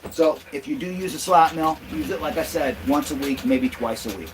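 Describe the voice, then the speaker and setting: A man's voice: on the high side, moderate pace, hardly any pauses. A man running a casual livestream from a van while exercising a dog, explaining things plainly to viewers and cooing praise to the dog in between. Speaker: dog exercise business owner. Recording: distant mic with loud background noise.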